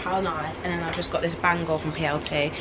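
A young woman vlogging to camera in a chatty, excitable way, full of "like" fillers. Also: low-pitched, brisk, very noisy. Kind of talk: casual vlog chat to camera.

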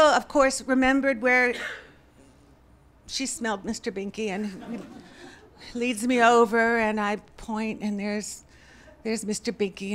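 A woman comedian doing stand-up storytelling on a club stage, wry and deadpan, rising to exasperated bursts. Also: fairly high pitch. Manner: deadpan, wry delivery that rises to exasperated outbursts. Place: comedy club stage before a laughing audience.

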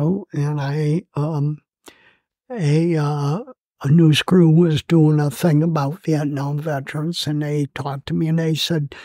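A Marine veteran in his 80s tells his story in an oral-history interview, halting and emotional, with many fillers and restarts. His voice is a little high with a dark tone, and there's no room sound.

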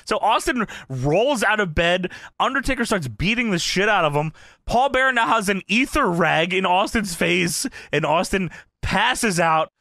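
A high, lively male co-host tells a comedic recap, cursing and laughing as he goes. His voice is bright and dry, close to the mic. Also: moderate pace, no room sound. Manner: cursing, laughing, animated storytelling. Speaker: podcast co-host. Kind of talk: comedic recap of old wrestling TV.

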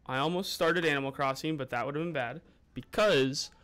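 A man's voice: fairly high pitch, moderate pace, a bit bright, clear, resonant tone. A young man streaming a game live, chatting casually and greeting viewers by name as he plays and eats. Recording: music playing underneath.

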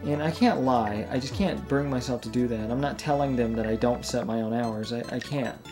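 A young man commentating his gameplay who keeps drifting into venting about his life. He rambles and apologizes for getting worked up, at a middle pitch. Soft game music plays underneath. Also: a little fast. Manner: rambling, rattled and self-deprecating. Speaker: let's play gamer. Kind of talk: venting commentary while gaming.

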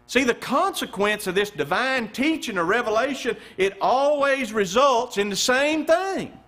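Pastor preaching with sweeping pitch. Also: male voice, expressive, unhurried. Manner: preaching with swooping pitch, rhetorical questions and sudden hushed drops. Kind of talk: sermon.

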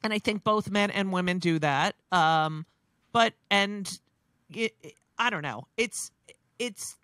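A woman's voice: mid-range voice, slow pace, fairly bright tone, clean tone, no room sound, clean studio sound. A woman, a comedian talking bluntly and profanely in casual chat, with many restarts. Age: 60s. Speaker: comedian guest.

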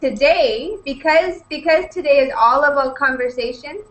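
Cheerful high-voiced woman teacher. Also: normal speed, slight background noise, low-quality recording. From British Columbia, Canada. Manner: cheerful and welcoming, greets each student in turn. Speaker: online English conversation teacher. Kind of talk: upbeat online class chat.

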